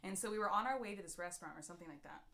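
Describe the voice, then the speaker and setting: Bright-voiced American woman telling a story. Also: on the low side, rapid-fire, creaky. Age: 20s. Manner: rambling, heavy "like" fillers, swears freely. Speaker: podcast host. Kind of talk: casual storytelling chat.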